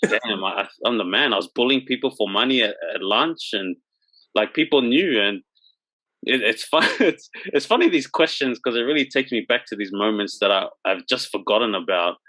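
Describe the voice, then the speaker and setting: Bright lively man, dry close sound. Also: medium pitch, no echo, low-quality recording. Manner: laughing, reflective, halting with fillers. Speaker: podcast co-host. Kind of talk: casual chat.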